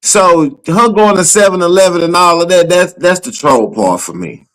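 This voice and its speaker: A Black man co-hosts a casual podcast, making his points with animated emphasis and rising into rants. His voice sits fairly high for a man, and his delivery stays loose and conversational. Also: normal speed, rough recording. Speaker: co-host.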